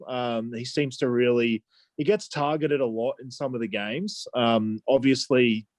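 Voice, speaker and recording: A man's voice: mid-range voice, steady tone, unhurried, dry recording. An Australian man co-hosting a fantasy football podcast, talking casually and hesitantly with frequent restarts. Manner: hesitant, many restarts and "I just think".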